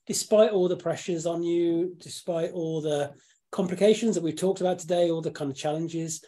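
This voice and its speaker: A man hosting a casual live chat, rambling with restarts and frequent throat clearing. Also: a little high, darkish tone. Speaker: host.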